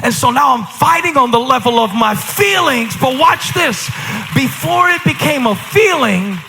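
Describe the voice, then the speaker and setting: Emphatic high-voiced male preacher. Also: expressive, unhurried, a little hiss or hum. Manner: emphatic, swings between quiet asides and shouted declarations. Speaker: pastor. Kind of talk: sermon. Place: large church auditorium. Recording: reverberant large hall.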